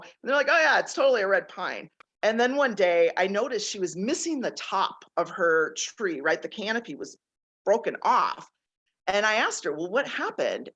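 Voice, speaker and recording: A woman guest on a casual interview, telling personal stories in an animated way and laughing often. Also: medium pitch. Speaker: guest author, nature intuitive.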